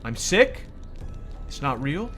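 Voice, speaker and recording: A man voicing an unstable, paranoid young woman in a game, shrill and accusing. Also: very animated, slow pace, a bit bright, faint music behind. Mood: fearful. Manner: frantic, accusing. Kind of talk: reading game dialogue aloud.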